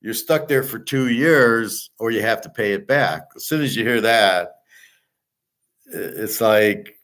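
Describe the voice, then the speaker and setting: A man's voice: fairly low pitch, unhurried, fairly bright tone. A middle-aged man hosting a show, talking in a blunt, ranting, opinionated casual monologue. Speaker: sports picks and finance show host.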